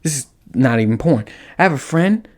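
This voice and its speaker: A man's voice: medium pitch, a little fast. A man hosting a podcast, telling a story in a casual monologue, swearing often and acting out his own reactions. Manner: animated, profane, acts out his own reactions. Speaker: podcast host.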